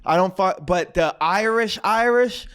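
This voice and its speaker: A man, a guest comedian, telling stories in a casual, animated and profane way on a podcast. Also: sits high, unhurried, a little hiss or hum. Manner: animated, profane storyteller acting out quotes. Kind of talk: casual storytelling. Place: podcast studio.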